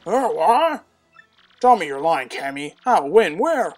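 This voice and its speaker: Donna che fa un re tartaruga burbero che ringhia. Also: female voice, lowish voice, big pitch swings, slow pace, soft background music, exaggerated voice. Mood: blustering. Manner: growling, bossy, shouting. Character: blustering hot-tempered male turtle king.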